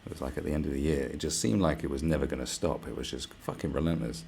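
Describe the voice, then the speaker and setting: A man's voice: a bass voice, fast, creaky, a little mellow, slight background noise. A young man ranting casually to camera, sarcastic and rambling, swearing often. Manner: swearing, rambling and sarcastic, slips into mock voices. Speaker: vlogger.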